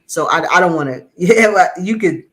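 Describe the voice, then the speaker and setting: A man's voice: sits high, animated, moderate pace, a bit bright. A middle-aged man giving an earnest, emotional personal testimony as an interview guest, often repeating words as he searches for them.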